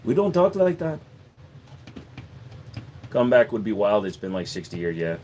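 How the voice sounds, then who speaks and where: A man's voice: fairly low pitch, sing-song, moderate pace, a little mellow, slight background noise. A man hosting a casual livestream Q&A, chatting jokily and answering viewers on a desk microphone. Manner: jokey, slips into accent impressions. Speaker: livestream host.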